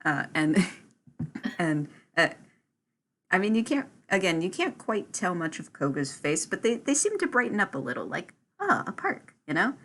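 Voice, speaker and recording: A woman's voice: on the low side, big pitch swings, normal speed, a bit bright. A woman playing in a tabletop role-play game, narrating her character's actions in a giggly, chatty way. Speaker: player.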